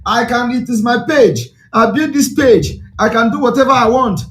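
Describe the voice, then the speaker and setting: A man's voice: very high-pitched, normal speed, a bit bright, reverberant, voice pushed up. A man with a Nigerian accent mimicking a crying male comedian, whiny and pleading. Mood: whining. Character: whining male comedian crying over his page.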